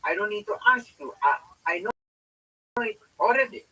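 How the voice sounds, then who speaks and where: A man speaking as a podcasting guest in casual chat, halting and with broken phrasing. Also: high-pitched, wildly swooping pitch, creaky, pushed and bright, breathy edge, low-quality recording.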